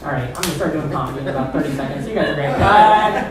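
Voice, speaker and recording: A man's voice: fairly high pitch, animated, rapid-fire. A man from Iowa hosting a stand-up show, doing rambling, profane, self-deprecating crowd work. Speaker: comedy show host. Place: comedy club. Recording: echoey room from far off.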